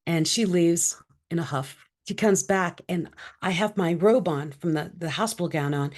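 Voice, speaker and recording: Animated middle-aged woman telling a story. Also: lowish voice. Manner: animated, acts out quoted dialogue. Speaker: interview guest. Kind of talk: personal storytelling.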